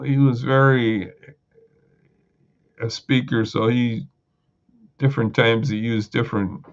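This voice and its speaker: A man hosting a show, giving a hesitant, casual introduction with many restarts. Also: fairly low pitch. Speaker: show host. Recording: dull lo-fi sound.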